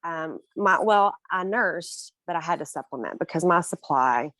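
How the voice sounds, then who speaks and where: Young woman guest sharing her story, kinda low voice, dry sound, earnest and emotional. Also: animated, moderate pace, fairly bright tone, no echo. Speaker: interview guest. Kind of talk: casual conversational interview.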